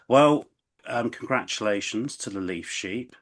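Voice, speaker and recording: A man with a somewhat low voice co-hosts a podcast in casual, chatty talk. He often restarts and trails off with "um" and "uh" as he tells his stories. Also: fairly bright tone. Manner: chatty, halting with many restarts and fillers. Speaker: podcast co-host. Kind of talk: casual chat.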